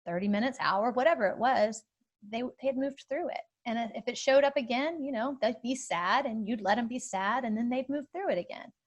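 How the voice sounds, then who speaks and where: A woman in her thirties hosting a podcast, telling a personal story in an open, searching way with plenty of fillers and restarts. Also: mid-range voice. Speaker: podcast host.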